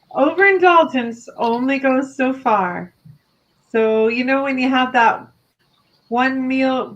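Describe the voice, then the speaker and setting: A woman co-hosting a live online stream, giving gentle advice from drawn cards. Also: high-pitched, dull audio. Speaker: psychic card reader. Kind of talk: live online card reading.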